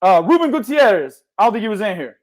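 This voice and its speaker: Loud, passionate high-voiced man. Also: big pitch swings, fast talker. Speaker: boxing podcast host. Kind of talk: heated casual chat.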